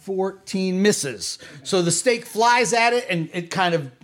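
A man's voice: high voice, lively intonation, slow, fairly bright tone. A man narrating and refereeing a tabletop role-playing game in a playful, descriptive storytelling manner. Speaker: game master.

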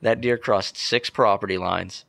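A young man from Pennsylvania, a podcast guest telling an animated story and acting out what people said. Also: fairly low pitch, a little slow, gravelly, dry recording. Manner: animated storyteller, acts out quotes. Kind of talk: casual storytelling.

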